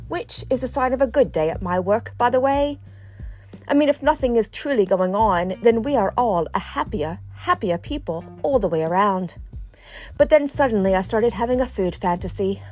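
A middle-aged woman chats with a slightly high voice in a relaxed personal vlog and speaks straight to her viewers. She talks in a playful, self-mocking way. Soft music plays faintly behind her. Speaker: vlogger. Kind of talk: chatty personal vlog monologue.

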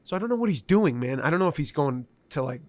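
A man telling a story in casual conversation, animated and profane, with lots of filler words. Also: fairly high pitch, quick pace, no echo.

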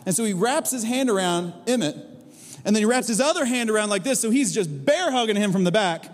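A middle-aged pastor tells stories in a lively, animated sermon, swinging from booming highs to low, drawn-out lines. He's in a church auditorium, and the recording carries the long reverb of a large hall.

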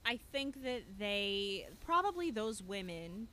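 A woman's voice: mid-range voice, very animated, crowd noise. Blunt, opinionated woman in casual chat. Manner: blunt, opinionated, quick bursts of emphasis. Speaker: podcast co-host. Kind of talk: casual chat recapping a reality show.

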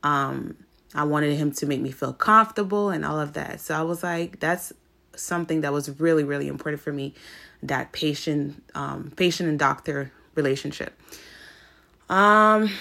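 Chatting casually and emotionally with plenty of fillers, a young woman podcast host talks about her experience. She has a low voice with vocal fry and a fairly bright tone.

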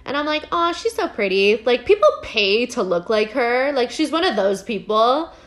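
A woman with a slightly high voice recaps a TV episode over a casual podcast chat. She talks in an animated, giggly way and fills her sentences with fillers. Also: moderate pace. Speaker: podcast host.

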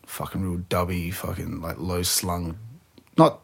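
A man's voice: low-pitched, level tone, a little slow, vocal fry, breathy edge. A man in his thirties, a DJ and producer, talking loosely in a casual interview, rambling, swearing freely and acting out what people said. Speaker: guest DJ and producer.

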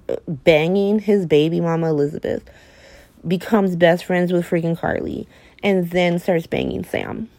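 A woman's voice: on the low side, gravelly, warm tone, no echo. A woman hosting a podcast, recapping a soap opera in a sassy, emphatic way and repeating her key lines for effect. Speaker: podcast host.

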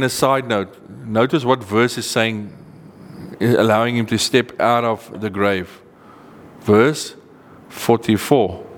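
Earnest preacher man with echoing reverb. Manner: earnest, emphatic, rises in pitch on key points, slows to read verses. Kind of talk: sermon teaching with scripture reading.

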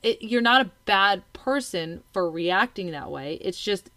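Animated mother in her thirties chatting. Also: mid-range voice, measured pace, no room sound. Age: 30s. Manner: animated, acts out kids' and parents' lines. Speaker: podcast co-host, mother. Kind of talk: casual chat.

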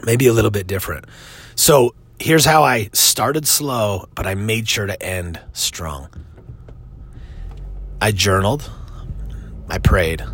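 A man in his thirties hosting a solo podcast as a life coach, talking casually in an earnest, reflective way with pauses and restarts. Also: lowish voice, fairly bright tone, breathy edge.

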